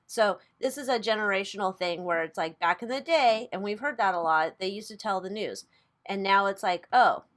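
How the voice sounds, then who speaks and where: A woman's voice: medium pitch, a bit bright. Chatty woman reading tarot, swearing casually. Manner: chatty, swears freely, laughs at herself. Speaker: tarot reader and channel host.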